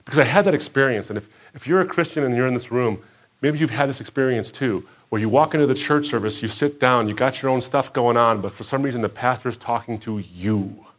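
Before a live crowd, a man recounts his own faith journey at a fairly quick clip. He voices what others said in a raised, louder tone, then turns soft and low when the story gets emotional.

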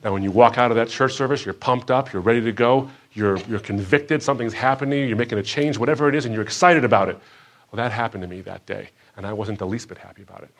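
A man telling his personal faith story to a live audience. He acts out what people said in a higher, louder voice and drops low and quiet at the emotional moments. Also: fast talker.

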